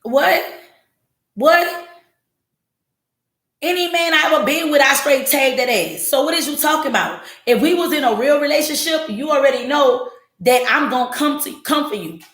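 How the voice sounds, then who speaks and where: Woman in her forties, blunt and profane, slightly high voice, echoey room. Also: fairly quick. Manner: blunt, profane and animated, jumping into quoted voices. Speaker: podcast host. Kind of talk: casual monologue to a live audience.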